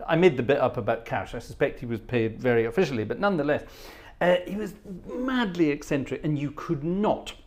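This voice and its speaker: A chatty middle-aged organist and choir director tells anecdotes casually during a live stream. His voice is on the high side with a darkish tone, and he hums choir parts and mimics voices as he goes.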